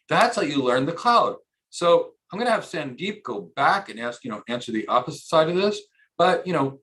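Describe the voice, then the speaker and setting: A man's voice: fairly high pitch, sing-song, brisk, a bit bright. An American man hosting a live career talk, coaching viewers in an emphatic style and repeating key points for punch. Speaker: host and cloud architecture instructor.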